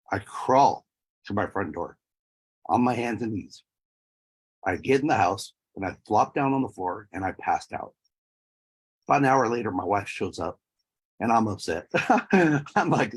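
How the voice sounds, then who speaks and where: A man's voice: lowish voice, slightly rough. A man in his thirties or forties giving an emotional personal testimony, his voice breaking at times. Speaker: speaker sharing a personal story.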